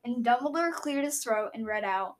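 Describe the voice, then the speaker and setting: A woman's voice: fairly high pitch, animated, moderate pace, low-quality recording. Chatty woman recapping with a casual ramble. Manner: chatty, lots of "like" and restarts. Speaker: co-host recapping a book. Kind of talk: casual chat.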